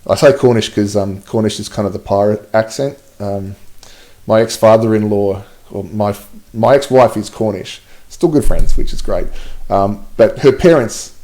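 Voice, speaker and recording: A man's voice: fairly low pitch, normal speed, mellow. A man hosting a live stream, chatting casually, reading out viewer comments and laughing often as he works at his telescope. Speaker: livestream host.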